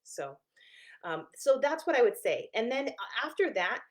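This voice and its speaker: A woman's voice: on the high side, very animated, unhurried. A woman therapist explaining to viewers in a casual, candid, conversational way, often correcting herself mid-sentence.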